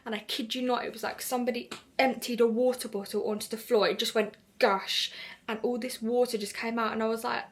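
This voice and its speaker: A woman's voice: a little high, level tone, a little fast. Chatty young British woman vlogging. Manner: chatty, candid, lots of fillers and quoted reactions. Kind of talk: casual storytelling to camera.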